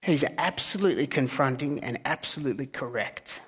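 A male pastor preaching a conversational sermon, earnest, with humorous asides and soft, hushed key words. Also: medium pitch, a little fast, husky. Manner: earnest, softening to near-whispers on key words.

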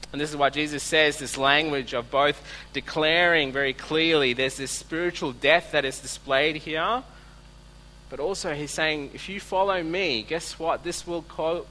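A man preaching a sermon as a pastor, earnest, moving between soft asides and emphatic points while reading scripture aloud. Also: fairly high pitch, a little hiss or hum, low-quality recording.

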